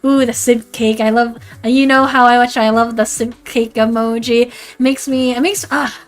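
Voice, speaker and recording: A young woman with a high voice chats on a livestream, rambling and animated. She leans on filler words, swears freely and keeps the talk loose and unscripted. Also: moderate pace. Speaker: VTuber streamer. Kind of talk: casual livestream chat.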